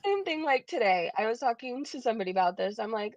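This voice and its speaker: A woman's voice: a little high, big pitch swings, fast talker, dull audio. A woman hosting a casual livestream, rambling with lots of fillers and frequent laughs. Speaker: livestream host.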